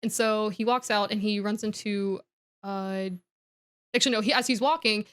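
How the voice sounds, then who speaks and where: A woman's voice: medium pitch, steady tone, moderate pace, a bit bright, clean tone. A woman co-hosting a podcast, giving a casual comedic recap in a giggly, rambling way. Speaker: podcast co-host.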